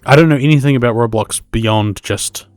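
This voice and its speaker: A man's voice: mid-range voice, fairly quick, dry recording, soft background music. A man in his twenties with a New Zealand accent, hosting a solo podcast in a rambling, self-correcting way and swearing casually. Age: 20s. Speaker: podcast host.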